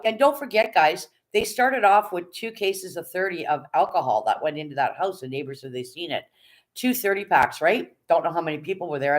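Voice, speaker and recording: A live streamer giving blunt, casual commentary, swearing freely and talking straight to the chat. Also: mid-range voice.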